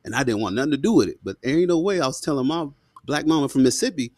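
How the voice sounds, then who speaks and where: A man's voice: mid-range voice, racing, no room sound, studio quality. A man in his thirties, a podcast guest, telling stories in a casual, slangy way and acting out the quotes. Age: 30s. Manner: animated, slangy, acts out quotes. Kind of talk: casual storytelling in an interview. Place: studio.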